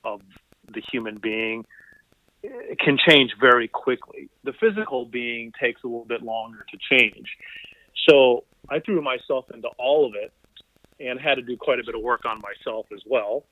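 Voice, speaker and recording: A man's voice: medium pitch, normal speed, dry recording. Man on a tinny phone line. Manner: animated anecdotal storyteller, quotes people in voices. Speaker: physical therapist guest. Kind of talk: conversational interview storytelling.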